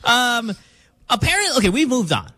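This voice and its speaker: A man hosts morning radio in a slightly raised voice. His pitch leaps all over as he teases his co-hosts, often laughing mid-line. He is close on a studio mic. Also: big pitch swings, moderate pace, fairly bright tone, no echo. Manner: teasing, laughs through lines. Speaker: radio morning show host. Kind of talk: casual radio banter.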